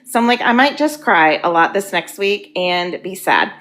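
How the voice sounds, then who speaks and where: A woman in her fifties candidly sharing her recovery story, earnest and halting, weepy and emotional. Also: mid-range voice, lively intonation, fairly bright tone. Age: 50s. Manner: earnest, halting, with frequent ums.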